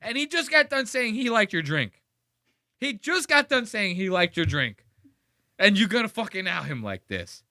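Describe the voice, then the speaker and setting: A male podcast host ranting in a casual, profane, animated way, full of "like". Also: sits high, moderate pace, no echo, studio quality. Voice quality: animated, profane, heavy use of "like".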